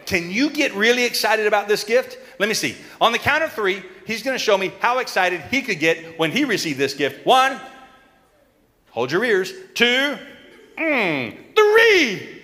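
A man giving a lively children's sermon, coaxing and calling out to the kids in a church. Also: sits high, normal speed. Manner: animated, coaxing, calls out to the kids. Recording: long reverb in a large hall, faint crowd.

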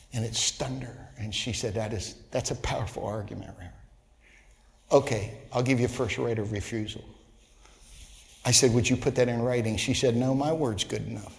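A man, a pastor, telling a folksy story in a sermon, growing animated and loud at its climax. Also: medium pitch, long reverb tail. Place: church sanctuary.

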